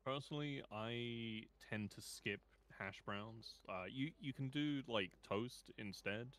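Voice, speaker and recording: A man chatting casually and relaxed, swearing freely and stopping with uh and like. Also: medium pitch, slow. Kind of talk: casual chat.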